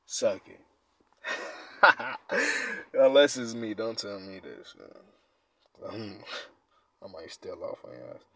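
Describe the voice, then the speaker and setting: A man hosting a casual podcast, reading quiz questions aloud and reacting in profane slang, dropping to mumbles and then bursting out loud. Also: on the low side, expressive, unhurried, no echo. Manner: laid-back, profane slang, swings from mumbling to loud outbursts. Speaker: podcast host.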